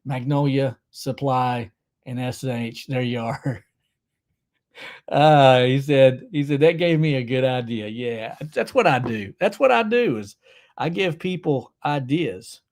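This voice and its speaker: A man's voice: mid-range voice, lively intonation, slow pace, darkish tone. A man hosting a casual livestream from home, joking around in a chummy way and reading out viewer comments. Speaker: livestream host.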